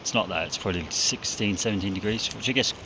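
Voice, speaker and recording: During a casual outdoor vlog on a mountainside, a New Zealander who hunts talks to his phone as he climbs, short of breath and dehydrated. With a lowish voice and a quick pace, he rambles, grumbles, and swears a lot over a noisy background.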